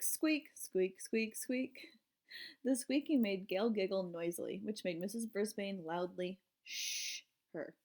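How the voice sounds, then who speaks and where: Expressive woman reading a storybook. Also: medium pitch. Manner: expressive first-person narration. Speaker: audiobook reader. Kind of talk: storybook narration.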